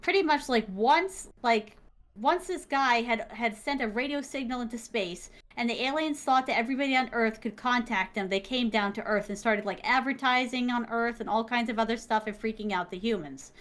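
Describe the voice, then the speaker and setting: A young woman, an interview guest, telling a story in casual chat, animated and full of fillers and exclamations. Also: fairly high pitch, moderate pace.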